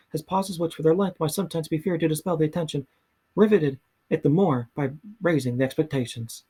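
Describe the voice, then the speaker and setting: A man reading a history book aloud in a soft ASMR style, slow and halting, often stumbling and restarting words. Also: fairly high pitch, husky. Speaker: ASMR reader.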